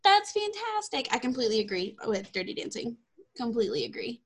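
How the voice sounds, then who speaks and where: A woman's voice: on the high side, big pitch swings, brisk, gravelly, breathy edge. A woman in her twenties from Texas, hosting a casual podcast chat, bubbly and self-deprecating, laughing often. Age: 20s. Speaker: podcast host.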